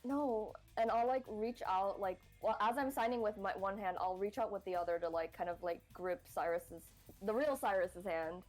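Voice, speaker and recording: A woman's voice: mid-range voice, moderate pace, darkish tone, soft background music, natural voice. A woman player role-playing her character at a tabletop game, talking casually with fillers and firm refusals.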